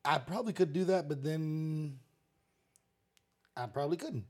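A man's voice: on the high side, expressive, measured pace, a little mellow. A man co-hosting a podcast, telling stories energetically in casual chat, laughing often. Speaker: podcast co-host.

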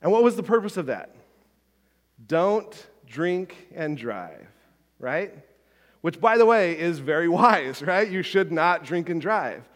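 A man's voice: high voice, lively intonation, normal speed, in a large hall. A man preaching a sermon as a pastor, talking conversationally with frequent asides and restarts.

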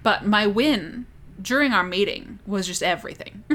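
A woman's voice: medium pitch, lively intonation, measured pace, a bit bright, slight background noise. A young woman co-hosting a casual podcast, upbeat and joking, with a casual swear now and then. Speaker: podcast co-host. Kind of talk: casual chat.

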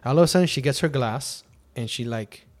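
A man in the middle of his range hosts a podcast, spinning a casual story about a night out. He acts out his own lines and other people's lines as he goes, with a lively, chatty delivery. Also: medium pitch, a little fast. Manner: animated, acts out quotes of himself and others. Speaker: podcast host.

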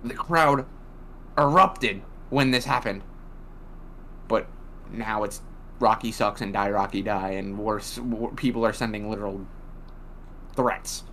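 A man's voice: lowish voice, unhurried, pauses often, fairly bright tone. Young guy chatting about last nights show, swears a lot, rambles, bit of noise behind. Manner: blunt, profane, rambling retelling. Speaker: podcast co-host. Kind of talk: casual wrestling recap chat.

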